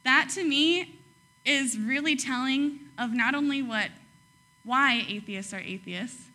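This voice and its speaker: A young woman preaching a casual sermon, chatty and quick to laugh, tagging her points with "right?" and "like". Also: sits high, pushed and bright.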